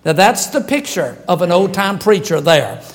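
A man with a high voice preaches from the pulpit of a church. He keeps it conversational and jokey, chuckling at his own asides before driving his point home. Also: animated, normal speed. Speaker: pastor. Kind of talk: sermon. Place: church sanctuary.

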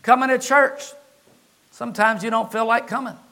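A man preaching a sermon as pastor, older, with impassioned delivery that rises to shouts on key words. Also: extremely high pitch, fairly even intonation, moderate pace, gravelly.

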